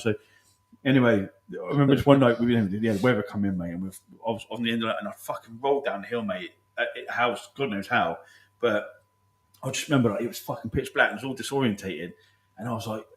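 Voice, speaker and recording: A man's voice: mid-range voice, fast talker, reverberant, low-quality recording. A man telling army stories in casual chat, swearing often and laughing as he goes. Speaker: podcast host.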